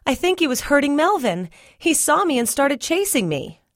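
A woman's voice: sits high, very animated, normal speed, no echo, studio quality, voice pushed up. A woman voicing a frightened, earnest young child who is trying to catch their breath. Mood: scared, pleading.

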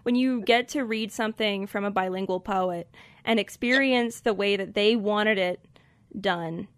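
Podcast host, American woman with a Colorado accent, mid pitch, reads poetry between casual chat. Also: a little slow, no room sound. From Colorado, USA. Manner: thoughtful, with fillers.

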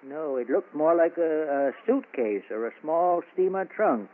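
An actor playing a nosy, rambling small-town druggist with a drawling, homespun way of talking, in 1940s radio comedy style. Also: male voice, fairly high pitch, animated, measured pace, slight background noise. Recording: tinny old radio broadcast.

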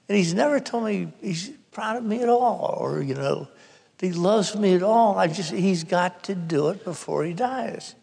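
A woman's voice: very deep voice, creaky, darkish tone, in a large hall, exaggerated voice. A man voicing a distraught grown woman, a poet, desperately pleading with her dying father. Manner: screaming, desperate.

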